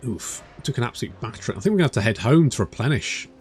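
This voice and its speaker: A man's voice: medium pitch, lively intonation, racing. A man in his thirties giving let's play commentary, chatty, swearing and muttering to himself. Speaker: gaming channel host. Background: game music.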